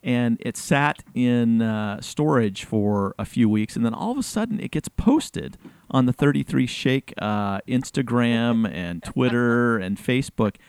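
A man's voice: medium pitch, expressive, creaky, darkish tone, smooth, no room sound. Teasing American-podcast host man, dry sound. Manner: teasing, laughs often, halting restarts. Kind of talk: casual chat.

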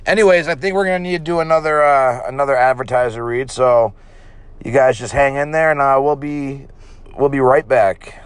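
A man's voice: mid-range voice, normal speed. Profane rambling male podcast host. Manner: rambling, profane, deadpan fake-ad delivery. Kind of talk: improvised comedy podcast with mock ads.

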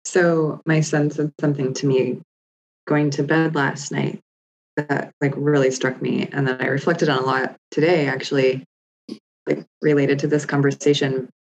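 A woman's voice: sits low, little pitch movement, moderate pace, dull audio. A woman in her thirties, co-hosting a podcast, talking candidly and reflectively with lots of "like" fillers. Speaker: podcast co-host. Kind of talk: casual chat.

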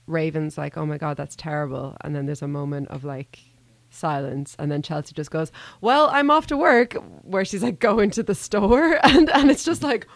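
Woman, low voice, dry sound, animated storyteller, casual chat. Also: no echo. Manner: animated storytelling, acting out quotes.

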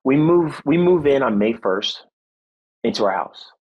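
Earnest husky-voiced man telling a story. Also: mid-range voice, unhurried, highs cut off. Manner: earnest, animated storytelling with acted-out quotes; faith-centered, reflective. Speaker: guest, former football player and motivational speaker. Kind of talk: storytelling in a podcast interview.

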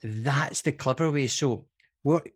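A man's voice: medium pitch, takes it slowly, breathy edge. A man with a Scottish accent co-hosting a podcast, chatting eagerly and reading news items aloud. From Scotland. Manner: animated, enthusiastic, reads news aloud. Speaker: podcast co-host. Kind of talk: casual podcast chat.

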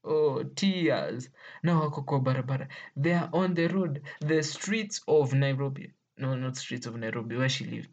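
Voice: mid-range voice, normal speed, a little mellow, muffled recording. A vlogger with a Kenyan accent telling stories to viewers in a playful, exclaiming way, laughing often. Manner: playful, exclaiming, laughing often, mixing English with Swahili slang. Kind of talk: casual storytelling to viewers.

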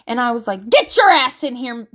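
A woman's voice: fairly high pitch, normal speed. A woman in her thirties telling a story in a casual way, blunt and profane, acting out what people said. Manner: blunt, profane, animated storytelling with acted-out quotes.

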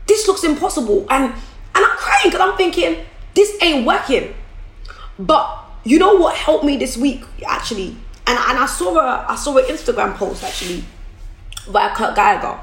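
A woman's voice: sits high, expressive, normal speed, a bit bright, roomy sound, low-quality recording. A woman talking candidly to her viewers about running her business, often repeating and restarting as she goes. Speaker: business owner vlogger. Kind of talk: casual motivational talk to camera. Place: room at home.

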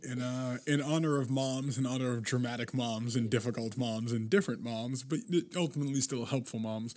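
A young man hosting a podcast, asking questions in a loose, easygoing way with lots of "uh" pauses. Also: medium pitch, fairly even intonation, darkish tone. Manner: quick and easygoing, with many "uh" hesitations. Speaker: podcast host. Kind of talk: casual podcast interview.

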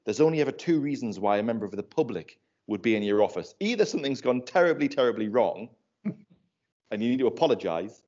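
A man's voice: medium pitch, expressive, fairly quick, a little mellow. A man in a casual panel chat, talking loosely and laughing while he tells anecdotes. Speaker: panel guest. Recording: dull lo-fi sound.

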